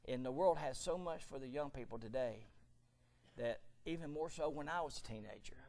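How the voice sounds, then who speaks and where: A middle-aged man preaching a fervent sermon in a church, swinging from quiet storytelling to loud shouting. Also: mid-range voice, normal speed. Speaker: pastor. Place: church sanctuary.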